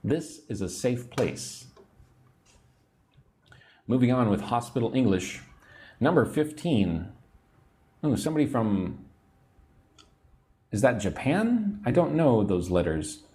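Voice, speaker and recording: An American man giving a livestream English lesson, repeating phrases clearly and greeting viewers by name. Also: medium pitch, sing-song, slow pace, long pauses, darkish tone. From United States. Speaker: English teacher.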